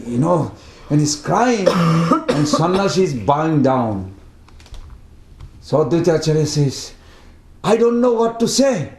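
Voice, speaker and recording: A man leading a study group, telling a devotional story in broken English, chanting verses and acting out what the characters say. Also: fairly high pitch. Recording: roomy echo.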